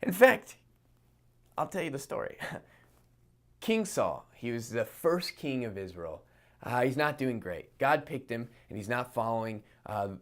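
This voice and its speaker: A man preaching a sermon, retelling a story in a casual, animated way with playful asides. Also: lowish voice.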